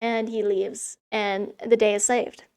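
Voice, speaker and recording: A woman's voice: mid-range voice, little pitch movement, slow pace, darkish tone, clear, resonant tone. A young woman vlogger giving a casual, sarcastic recap of a children's story, swearing freely as she goes. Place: room in a school.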